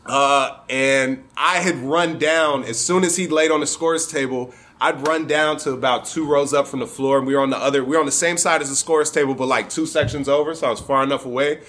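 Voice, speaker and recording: A man's voice: mid-range voice, fairly even intonation, brisk, hardly any pauses, a bit bright. A man from Michigan telling a personal story live, in a conversational, amused way with casual swearing.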